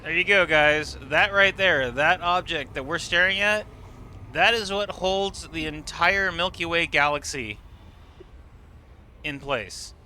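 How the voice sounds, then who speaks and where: A man's voice: a little high, slow, sharp tone, a little hiss or hum. A man streaming a game live, explaining what he sees with enthusiasm and casual swearing. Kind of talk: live gameplay commentary.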